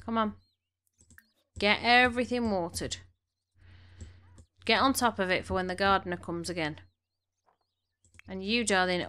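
A woman's voice: mid-range voice, unhurried, pauses often, fairly bright tone, clean tone. A woman giving casual gameplay commentary, chatting along and bossing her game characters around, a little snuffly from allergies. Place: home room.

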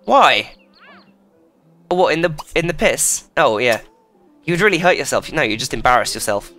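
A man giving excitable, sweary commentary while playing a video game. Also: normal speed, faint music behind. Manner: excitable, swears a lot, jumps in pitch. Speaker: gaming YouTuber. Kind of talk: casual let's play commentary.

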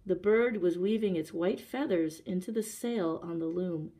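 A woman telling a storybook tale aloud for a library, calm and measured. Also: lowish voice, rough recording.

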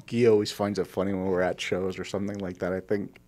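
A low-pitched man talks fast as he hosts a casual podcast. He wanders through stories and acts out the voices of people he's quoting.

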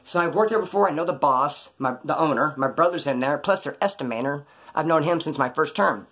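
A husky, slightly high-voiced man rattling off his story at a rapid clip. He tells it casually, in slang and swearing. He slips into the voices of the people he quotes. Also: fairly bright tone. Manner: slangy and profane, acts out quoted dialogue. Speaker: former inmate telling his story.

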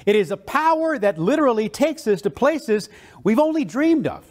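Man, motivational speaker, storytelling, high voice, swooping animated delivery. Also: normal speed. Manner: dynamic, enthusiastic, with playful quoted voices.

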